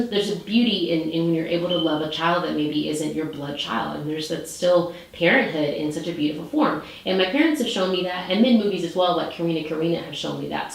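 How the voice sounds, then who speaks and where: A woman's voice: low voice, vocal fry. A young woman in her twenties hosting her own show, telling a story in a bubbly, chatty way full of likes. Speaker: show host. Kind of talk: casual storytelling. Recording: very echoey room.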